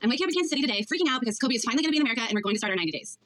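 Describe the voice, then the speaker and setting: Excitable chatty woman, fast talker. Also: a little high, dry recording. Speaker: reality show cast member. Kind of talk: confessional interview. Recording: background music under voice.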